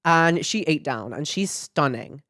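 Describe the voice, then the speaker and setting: A woman's voice: low-pitched, animated, measured pace, a bit bright, no echo, clean studio sound. A young woman hosting a podcast, talking in a blunt, chatty way with lots of filler words and swearing. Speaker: podcast host. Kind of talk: casual chat to camera.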